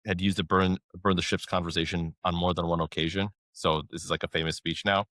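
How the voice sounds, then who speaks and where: A man's voice: low voice, flat delivery, a little fast, bright, forceful tone, no room sound. A man hosting a podcast and recapping his guests' story in a loose, conversational way. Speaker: podcast host. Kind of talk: interview questions.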